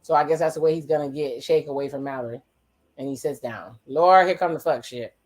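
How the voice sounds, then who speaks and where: A host doing a casual watch-along answers the screen in a medium-pitched, slightly mellow voice. The commentary is laced with free swearing and wry exclamations, with quick quoted voices used to replay what the people on screen say.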